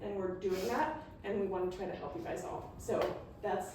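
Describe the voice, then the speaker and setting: A woman's voice: mid-range voice, fairly even intonation, moderate pace. A middle-aged woman talking earnestly and openly to an audience about her own stress. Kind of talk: casual talk to a live audience. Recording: echoey room, distant mic, faint background noise.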